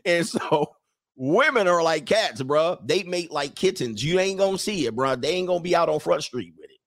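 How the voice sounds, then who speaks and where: A man's voice: a little high, expressive, normal speed, a bit bright. A man in his forties or older hosting a live show and telling crude, slangy comic stories, now and then slipping into acted voices. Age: 40s or older. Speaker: show host. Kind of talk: casual comedic commentary on a live show.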